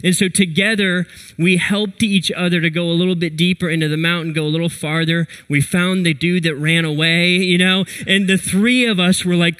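A man preaching a sermon, telling a personal story in an animated way and acting out his own quotes. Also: high-pitched, normal speed, few pauses, clean tone. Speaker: pastor.

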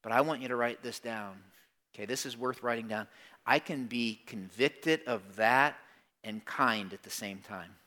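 A man preaching a sermon to a congregation, talking conversationally and swinging between quiet, earnest asides and loud, emphatic bursts. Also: medium pitch, unhurried. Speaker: pastor. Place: church service before a congregation.

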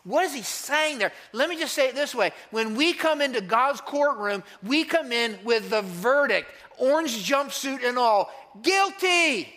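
A man preaching a sermon to a congregation, emphatic, swinging between loud cries and hushed intensity. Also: sits high. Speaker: pastor.

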